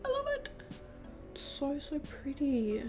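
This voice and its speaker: A 19-year-old beauty vlogger chats casually while doing her makeup, gushing and rambling with plenty of fillers. Her high voice swings hugely in pitch at a slow pace, with music playing in the background.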